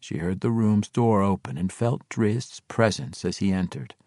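A man narrating a fantasy audiobook in an expressive, dramatic reading style. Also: on the low side, a little slow, no echo, clean studio sound.

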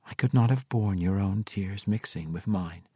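Solemn resolute heroine, read by a man, hushed, low voice, dry audiobook sound. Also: husky, no room sound. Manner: soft, hushed, measured. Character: grieving woman warrior-wizard, solemn, resolute.

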